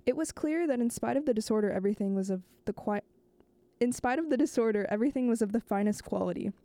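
Mellow-voiced woman reading a novel aloud. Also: on the high side, dry recording, studio quality. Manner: slow, measured, with stumbles and restarts.

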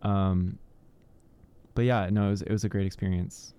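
A man's voice: deep voice, fairly even intonation, normal speed, warm tone, clear, resonant tone. A young man co-hosting a radio show in casual chat, rambling with many "like" fillers.

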